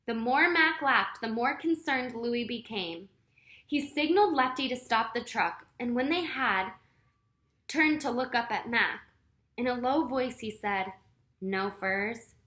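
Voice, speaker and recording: A woman reading a children's chapter book aloud, unhurried, fixing her own slips as she goes. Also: fairly high pitch, animated, fairly bright tone, reverberant. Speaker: story reader.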